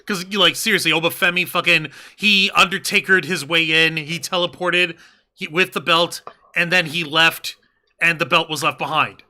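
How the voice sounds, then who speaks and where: A man's voice: on the high side, steady tone, normal speed, sharp tone. A man co-hosting a wrestling review show in casual chat, rambling and swearing freely. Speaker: podcast co-host.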